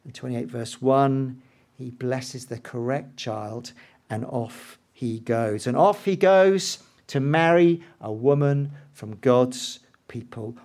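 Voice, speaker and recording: A preacher speaks at a medium pitch and a slow pace, dramatizing the story in his sermon and shifting from hushed asides to loud, emphatic declarations.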